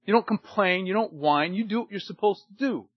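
An older man preaching a sermon to men, emphatic, swinging between loud bursts and hushed lines. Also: high-pitched, fairly quick, slightly rough, dry recording, muffled recording. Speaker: pastor.

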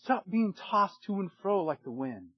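An older man preaching a sermon to men, emphatic, swinging between loud bursts and hushed lines. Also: sits high, big pitch swings, moderate pace, breathy edge, dry recording, highs cut off. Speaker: pastor.

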